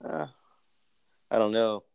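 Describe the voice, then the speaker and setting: A young man hosting a podcast interview, polite and formal, pausing often with ums. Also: fairly low pitch, completely flat delivery, creaky, a little mellow, clean tone, no echo, highs cut off. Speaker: podcast host, army master sergeant.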